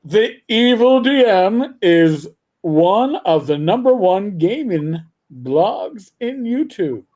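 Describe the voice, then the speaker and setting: A man's voice: high-pitched, expressive, slow pace, a little mellow, exaggerated voice. A man putting on the voice of a male radio announcer who hypes a gaming blog in a mock-promotional way. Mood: hyping.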